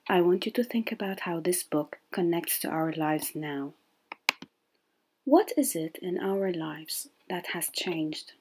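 A woman hosting a read-aloud, calmly asking listeners reflective questions. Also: fairly low pitch, breathy edge. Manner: calm, asks reflective questions. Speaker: parent reading host.

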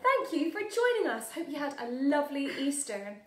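A woman with a British accent leading an online music class for toddlers, talking and singing in a bright, exaggerated sing-song manner. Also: high voice, very animated, normal speed, reverberant. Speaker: children's music class leader.

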